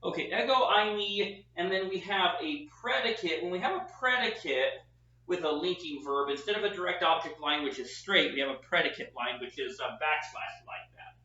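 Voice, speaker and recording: Professor type, a man with a higher, bright voice, lecturing chattily at a whiteboard; recorded from afar, dull and roomy. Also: lively intonation, normal speed. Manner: chatty, self-deprecating teaching. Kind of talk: classroom lecture. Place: classroom with whiteboard. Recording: echoey, distant, dull room sound.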